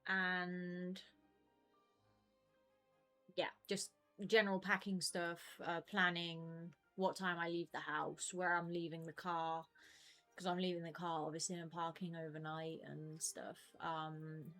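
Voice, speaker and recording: A woman's voice: lowish voice, little pitch movement, slow, sharp tone, faint music behind. A young woman in her twenties chatting casually with her stream viewers from home, rambling with lots of fillers. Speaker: game streamer.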